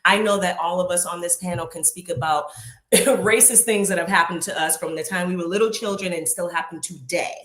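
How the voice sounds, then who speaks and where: Woman from boston on a panel, lowish voice, earnest, roomy echo. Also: fairly even intonation, a little fast, a bit bright. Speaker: guest panelist, real estate broker. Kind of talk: panel discussion.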